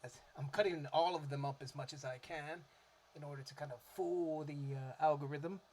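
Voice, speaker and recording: A man's voice: on the high side, normal speed, a little hiss or hum. Chatty man rambling into a mic. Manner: rambling, relaxed, many fillers and restarts. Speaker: music vlogger. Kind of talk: casual chat about favourite cover songs. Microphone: desktop microphone.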